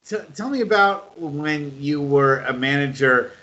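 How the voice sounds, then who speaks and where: A man's voice: a little high, expressive, unhurried, crowd noise. A man hosting a wrestling podcast, asking questions and sharing his views with enthusiasm. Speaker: podcast host. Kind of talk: casual interview. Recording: dull lo-fi podcast audio.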